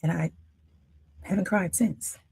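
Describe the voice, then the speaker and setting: Woman, 50s, gravelly and husky, emotional storyteller who swings from loud to hushed. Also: fairly low pitch, steady tone, unhurried. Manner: emotional, emphatic, swinging between loud declarations and near-whispers. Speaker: independent filmmaker. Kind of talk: personal storytelling monologue.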